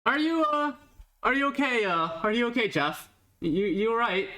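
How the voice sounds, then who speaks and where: A woman's voice: a little high, sing-song, moderate pace, bright, forceful tone. A woman streaming a video game, chatting casually, laughing often and teasing herself. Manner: giggly, self-mocking, apologetic.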